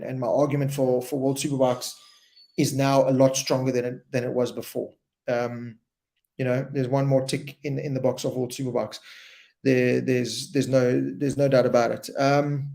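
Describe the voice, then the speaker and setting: A man hosting a casual live-stream chat, talking in a loose and animated way and often repeating words as he tells a story. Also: medium pitch, creaky. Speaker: host.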